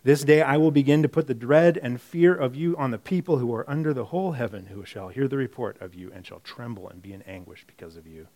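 A man preaching a sermon in a conversational way, reading scripture aloud and moving between quiet, muttered asides and emphatic bursts, often repeating and correcting himself. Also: medium pitch, fast talker, hardly any pauses. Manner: self-correcting, repeats words. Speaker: pastor.

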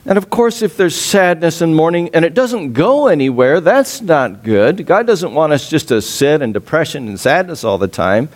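Expressive male pastor preaching. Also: normal speed, few pauses. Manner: expressive, laughs often, drops low and soft on sad points. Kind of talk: sermon.

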